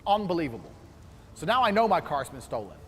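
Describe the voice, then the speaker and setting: A man rattles off an indignant anecdote, full of swearing and acted-out dialogue. His voice sits high and swings widely in pitch at a quick clip. There is a long hall-like tail on the voice and a faint hiss underneath. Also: sing-song. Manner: indignant, swearing, acts out other people's lines. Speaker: storyteller in a played clip. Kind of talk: profane animated anecdote.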